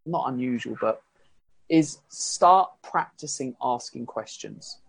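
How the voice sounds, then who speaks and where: A man's voice: mid-range voice, expressive, slow pace, gravelly, husky. A man, a fitness coach, explaining his coaching method in a chatty, rambling way that corrects itself as he goes. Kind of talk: casual explanatory talk.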